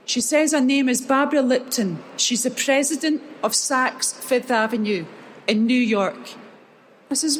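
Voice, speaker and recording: A middle-aged Scottish woman giving a motivational talk at a live event, acting out the dialogue in her stories with lively energy. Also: fairly high pitch, unhurried, slight background noise. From Scotland. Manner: animated storyteller acting out dialogue. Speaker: keynote speaker.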